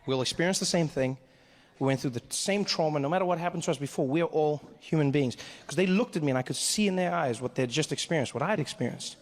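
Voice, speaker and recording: A male stand-up comedian telling a story on a live stage, animated and acting out characters as he goes. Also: a little high, quick pace, long reverb tail. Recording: live show with audience noise.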